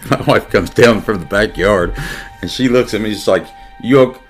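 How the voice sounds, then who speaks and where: Middle-aged cop guy, real low voice, earnest and emotional, keeps restarting his sentences, faint music behind. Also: moderate pace. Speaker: police detective. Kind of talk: personal storytelling in an interview.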